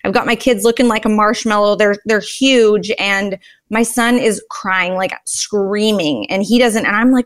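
Chatty, animated woman telling stories. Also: mid-range voice, a little slow, smooth. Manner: animated, chatty, exclaims often. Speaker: guest, mother and author of a sign-language book. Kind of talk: conversational storytelling.

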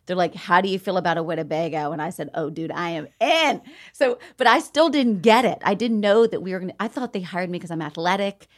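A middle-aged woman from Atlanta, Southern accent and lowish voice, talks quickly with few pauses as a guest in a casual interview. She tells animated stories, laughing as she acts out quotes.

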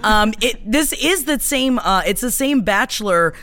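A woman's voice: fairly high pitch, unhurried. A woman co-hosting a podcast, chatting casually with lots of fillers and frequent laughter. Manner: animated, filler-heavy, laughs often. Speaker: podcast co-host. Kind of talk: casual chat.

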